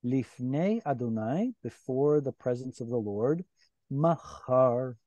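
A man's voice: mid-range voice, lively intonation, unhurried, warm tone, no room sound, lo-fi sound. A man teaching a Bible Hebrew class online, explaining grammar patiently and step by step with questions to his students. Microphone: video call.

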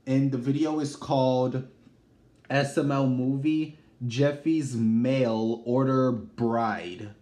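A man's voice: mid-range voice, steady tone, slow, dark tone. A man hosting a YouTube reaction video, chatting casually in hyped, slangy talk. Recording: echoey room with faint noise.

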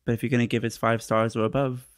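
A man's voice: mid-range voice, little pitch movement, fast talker, no room sound, clean studio sound. A man from England co-hosting a podcast in casual chat, teasing and laughing at his own jokes. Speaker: podcast co-host.

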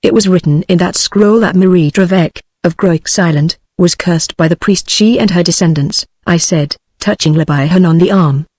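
A text-to-speech woman's voice with a British English accent, reading a story aloud in an even, steady way. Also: fairly low pitch, normal speed, few pauses, husky, no room sound. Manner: even, steady reading of all parts alike. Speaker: narrator.

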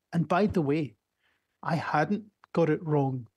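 Scottish man, fifties, husky voice, dry close sound, candid storytelling talk over video call. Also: fairly high pitch, normal speed, no room sound. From Scotland. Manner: candid, anecdotal, with small restarts. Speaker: emergency medicine doctor giving a conference talk.

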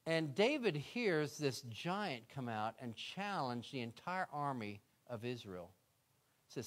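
A man preaching a sermon as a guest, telling Bible stories in a folksy way and swinging between loud and hushed delivery. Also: medium pitch, very animated, slow pace. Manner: folksy storytelling, acts out voices in retold scenes; swings from loud to soft, drops to a hush.

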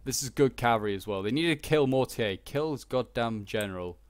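This gameplay commentator has a medium-pitched, animated male voice and talks fairly quickly. Casually covering a strategy game battle, he rambles and leans on fillers such as "uh" and "like."

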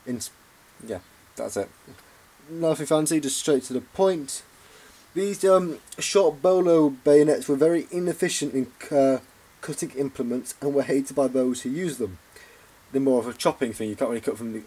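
A man's voice: mid-range voice, darkish tone. Hesitant Yorkshire man reviewing militaria. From Yorkshire, England. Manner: hesitant, frequent ums and self-corrections. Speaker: bayonet collector and reviewer. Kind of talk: informal hobby review vlog.

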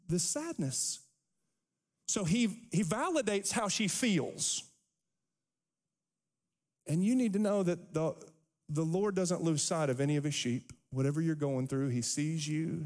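A man pastor preaching a sermon, animated, acting out the quotes from scripture. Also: on the high side. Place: church sanctuary. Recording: long hall reverb.

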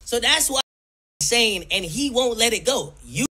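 A man's voice: extremely high pitch, lively intonation, a little slow, pushed and bright, breathy edge. A man telling celebrity gossip in loose, profane, stumbling commentary. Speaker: streamer.

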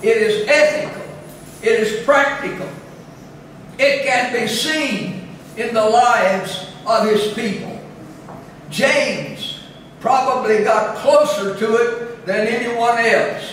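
A high-pitched man delivers a sermon at a slow, measured pace, leaning into scripture quotations with rising emphasis. He sounds distant from the mic, his voice ringing through a very echoey chapel with faint room noise behind. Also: a bit bright. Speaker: pastor. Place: church chapel.

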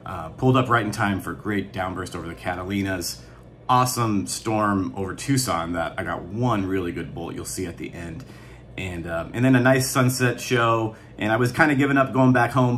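A man's voice: low voice, fairly bright tone. A man filming a storm chase vlog outdoors, marveling aloud at the sky and sometimes out of breath. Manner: awed exclamations, thinking aloud. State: out of breath at times. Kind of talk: excited outdoor vlog commentary. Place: outdoors on a hillside during a storm. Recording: outdoor camera audio with background noise.

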